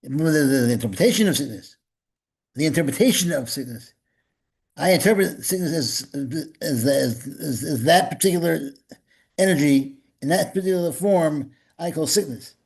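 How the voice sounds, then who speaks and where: A man's voice: a little high, animated, moderate pace, creaky, a little mellow, breathy edge. A man leading a spiritual gathering and giving an informal, rambling sermon, often repeating words and slipping in jokes.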